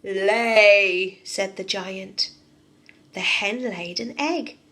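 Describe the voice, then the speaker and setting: A nursery teacher, a woman, reading a storybook aloud to young children in an expressive way and asking them questions. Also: medium pitch, slow pace.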